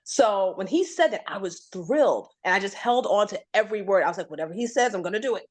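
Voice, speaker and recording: A woman guest in a conversation tells a long story about her career, speaking fast. She's animated, acting out what other people said to her with big leaps in pitch.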